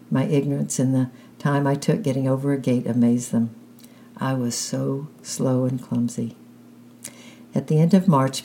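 Deep-voiced woman reading a children's novel. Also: a little hiss or hum. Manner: calm, unhurried first-person narration. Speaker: audiobook reader.

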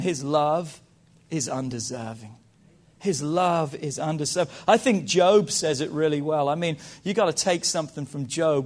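A man preaching from the pulpit with a high voice. He moves between quiet, drawn-out lines and raised, emphatic declarations. He leans on rhetorical questions and repeats phrases for emphasis. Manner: preaching with big swings between hushed and emphatic. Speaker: pastor. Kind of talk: sermon.

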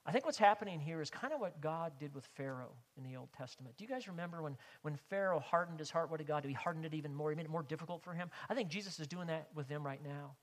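A man's voice: on the high side, fast talker, hardly any pauses, in a large hall. A man preaching a sermon as a pastor, reading scripture aloud and speaking earnestly to the congregation.

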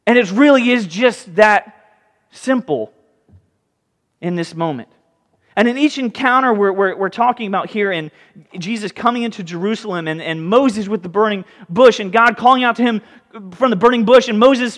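A man preaching a sermon as pastor, lively, often acting out the voices of people in the story. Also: very high-pitched, moderate pace. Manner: animated, acts out voices in the story. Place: church sanctuary. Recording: hall reverb.

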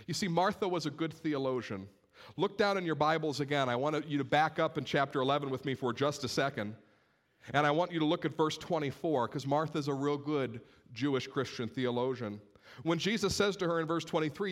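Male pastor with a slightly high voice, preaching expressively, urgent one moment and hushed the next. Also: brisk. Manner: expressive, swings between raised urgency and hushed gravity. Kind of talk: sermon.

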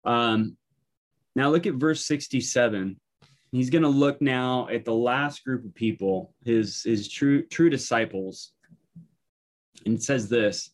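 A man's voice: medium pitch, slow. A man giving a conversational Bible teaching, reading verses and explaining them informally with many fillers and restarts. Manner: informal, thinking aloud, frequent fillers and restarts.

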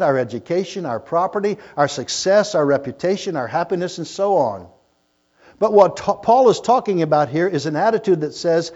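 A man preaching a sermon, emphatic, moving between loud declamation and quiet asides. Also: a little high. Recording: lo-fi with mains hum.

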